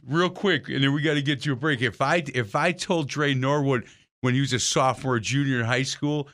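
A man hosting a radio sports and faith show in casual interview style, talking with warm laughs and many stumbling restarts. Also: medium pitch, brisk, no room sound.

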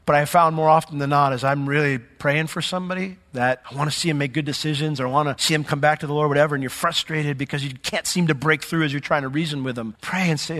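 Man, pastor, animated sermon, bright voice, long hall reverb. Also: fairly high pitch, fast, hardly any pauses. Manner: animated preaching, acts out quoted voices. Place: church sanctuary.

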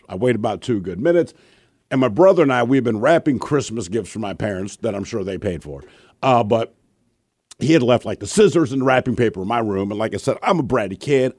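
A middle-aged man telling stories on his radio show, his pitch rising and falling in lively swings. His voice sits at an everyday middle pitch and sounds dry and close to the mic. He talks casually and laughs easily. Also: dry recording. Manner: animated, laughing as he tells stories. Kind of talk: casual on-air storytelling.

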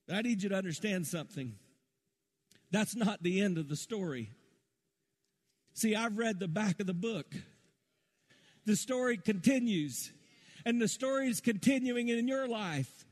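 A middle-aged man preaches in a church sanctuary, his somewhat high voice climbing to loud, emphatic peaks before falling to soft, low asides. The long reverb of the large hall trails behind every phrase. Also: expressive, unhurried, long pauses. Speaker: pastor. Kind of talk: sermon.

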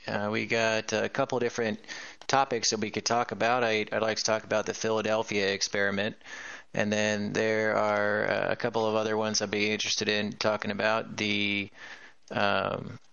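A man co-hosting a radio talk show, speaking haltingly with many fillers, over dull lo-fi audio. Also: fairly low pitch, creaky, sharp tone, smooth, no room sound. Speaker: co-host.

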